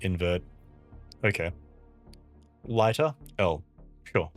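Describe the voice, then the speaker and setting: Low-voiced man chatting while gaming. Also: animated, normal speed, pauses often, a bit bright, soft background music. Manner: wry, thinks aloud while playing. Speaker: streamer. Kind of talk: casual gameplay chat.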